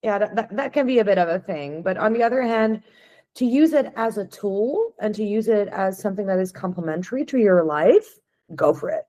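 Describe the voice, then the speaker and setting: A woman's voice: mid-range voice, animated, a little fast, dark tone, lo-fi sound. A woman hosting a podcast, asking curious, conversational questions of her guest. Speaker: podcast host. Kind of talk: casual interview chat.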